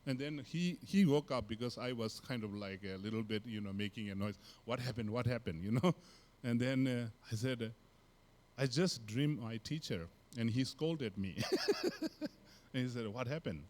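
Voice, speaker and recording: Man, Tibetan accent, Buddhist teacher, halting storytelling, middle pitch. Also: sing-song, darkish tone. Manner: halting, many fillers, laughs between sentences.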